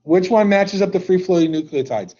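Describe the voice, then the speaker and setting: High-voiced joking male teacher. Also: a little fast, dark tone, highs cut off. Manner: joking, playful, coaxing students. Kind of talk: live online class teaching. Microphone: computer mic on a video call.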